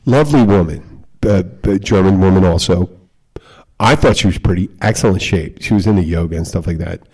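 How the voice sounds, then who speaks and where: Low-voiced man telling profane bar stories. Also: a little fast, a little mellow, husky. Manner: profane, rambling anecdotes with acted quotes. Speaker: podcast host, bartender. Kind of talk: casual bar-side storytelling.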